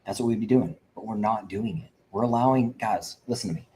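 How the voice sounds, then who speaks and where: A man's voice: fairly low pitch, a little fast, mellow, low-quality recording. A man hosting a livestream for veterans, preaching fervently and rambling with frequent restarts. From Indiana. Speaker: veteran advocate host. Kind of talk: livestream talk.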